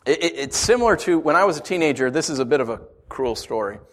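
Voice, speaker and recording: A man preaching a sermon, swinging from hushed lines to emphatic ones and asking rhetorical questions. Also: on the high side, animated, fast talker. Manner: rhetorical questions, storytelling asides. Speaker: pastor.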